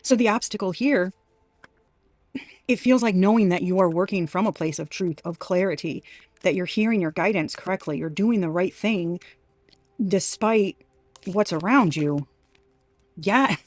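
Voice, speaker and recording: A woman's voice: on the low side, a little slow, long pauses, no echo. A woman giving an intuitive tarot reading to her viewers, talking emphatically with many restarts and exclamations. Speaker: tarot reader.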